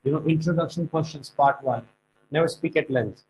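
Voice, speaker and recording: A man teaching speaking exam tips, stressing key words and slowing down to make points. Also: on the high side, darkish tone, a little hiss or hum, low-quality recording. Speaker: IELTS tutor.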